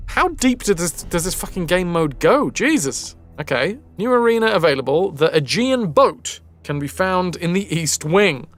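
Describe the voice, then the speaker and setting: A man's voice: sits high, big pitch swings, unhurried, hardly any pauses, a bit bright. A man streaming a game, chatting casually with viewers, reading game text aloud and swearing now and then. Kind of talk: casual gameplay commentary with chat. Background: faint game music.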